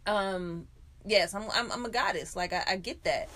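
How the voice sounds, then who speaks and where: A woman's voice: mid-range voice, normal speed, fairly bright tone. A woman co-hosting a podcast in casual chat, frank and profane, laughing often. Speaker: podcast co-host.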